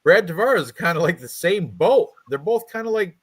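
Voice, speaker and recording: A man's voice: sits high, big pitch swings, normal speed, breathy edge. A man hosting a casual fight prediction show, rambling and joking with his co-hosts. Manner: joking, rambling, trash-talking with laughs. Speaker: podcast host.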